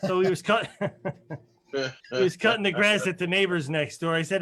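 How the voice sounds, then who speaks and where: A man's voice: sits high, normal speed, long pauses, bright, forceful tone. A man doing rambling, profane stand-up over a video call, laughing through his own jokes. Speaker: stand-up comedian.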